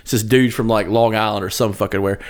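A man's voice: lowish voice, fairly even intonation, quick pace. A man in casual podcast chat, crude and joking, swearing often.

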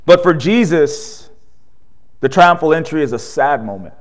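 A man with a somewhat high voice preaches a sermon as a pastor. He tells the story with animation and peppers it with rhetorical questions and "right?". At solemn moments he sinks into a quiet, low delivery. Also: expressive, a little slow. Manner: drops soft and low at solemn points.

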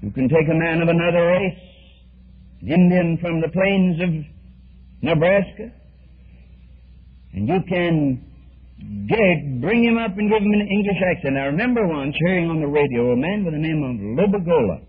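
A man's voice: fairly high pitch, lively intonation, normal speed, long pauses, slightly rough. A man preaching a sermon in an earnest, emphatic way, often restarting his phrases. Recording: tinny old archival radio recording.

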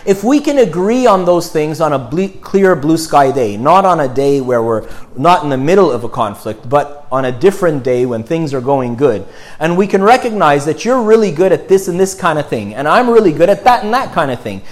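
A middle-aged man delivers a sermon in an easygoing, conversational way, pausing to ask "right?" and circling back on his phrases. His voice sits a little high for a man. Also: sing-song. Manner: conversational, frequent "right?" check-ins.

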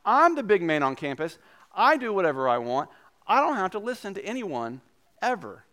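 A preacher voicing a boastful, stubborn commander. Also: male voice, high-pitched, very animated, normal speed, bright, forceful tone, pitched above the performer's own voice, exaggerated voice. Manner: boastful, scoffing. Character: proud, stubborn male army commander.

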